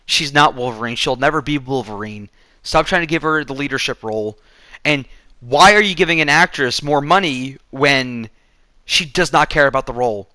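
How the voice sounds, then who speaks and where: A man's voice: mid-range voice, sharp tone, no room sound. A man giving a casual, profane, sarcastic rant in a movie review.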